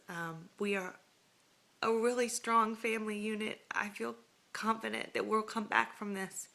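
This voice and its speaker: A woman's voice: mid-range voice, gravelly, pushed and bright. A woman in her thirties earnestly speaking to a home video camera, making a heartfelt, hesitant plea. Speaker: homeowner making an audition video.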